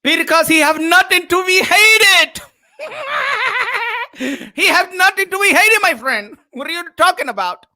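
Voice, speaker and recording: A man putting on a cheerful boxer who speaks broken English, shouting and drawing out his words. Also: extremely high pitch, lively intonation, slow pace, clean tone, pitched above the performer's own voice, full character voice. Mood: playful.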